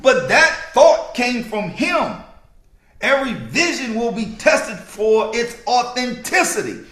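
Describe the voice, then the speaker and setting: A man hosting a motivational podcast, preaching his points and repeating key lines slowly so they sink in. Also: extremely high pitch, sing-song, a bit bright. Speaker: podcast host. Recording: echoey room.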